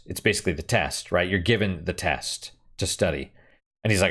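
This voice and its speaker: A man's voice: low voice, animated, normal speed, pauses often, a bit bright. A young man chatting casually and frankly while playing a game, rambling and swearing now and then. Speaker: gaming streamer.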